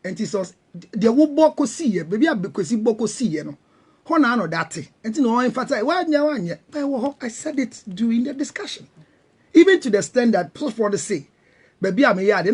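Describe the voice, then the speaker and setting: A man's voice: very high voice, breathy edge. A middle-aged Ghanaian man on a talk panel, defending himself emphatically and mixing English with Twi. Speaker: guest counselor. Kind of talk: heated panel discussion.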